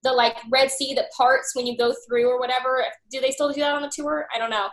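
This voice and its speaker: A young woman with a high voice chats through her answers as an interview guest, stringing her stories together with plenty of "like". Her voice carries a roomy echo around it. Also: level tone, fast, fairly bright tone. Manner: chatty storyteller, peppers speech with "like". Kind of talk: casual interview chat.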